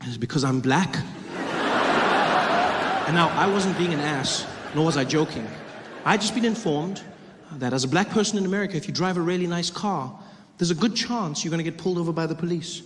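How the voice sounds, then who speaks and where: A man doing stand-up comedy, telling a story with animated delivery and acted-out scenes. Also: on the high side, fast, few pauses, background noise. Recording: reverberant hall with audience.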